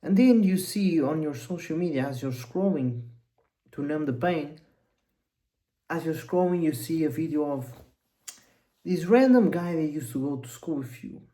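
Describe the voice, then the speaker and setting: A man's voice: fairly high pitch, expressive, normal speed, long pauses, mellow, rough recording. A young man giving a blunt, profane motivational monologue as a coach, rambling and intense.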